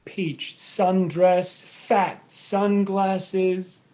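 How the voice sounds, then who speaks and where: A woman reading the part of a lovesick young American man in a live play reading over a video call, with a lively, dramatic rhymed delivery. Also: fairly low pitch, very slow. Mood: earnest.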